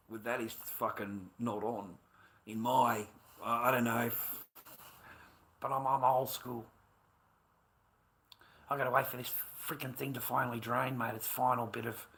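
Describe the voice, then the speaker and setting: A middle-aged man chats on a casual livestream in a rambling, agitated way. He swears freely and repeats himself as he talks. His voice has a bright, forceful tone at a mid-range pitch.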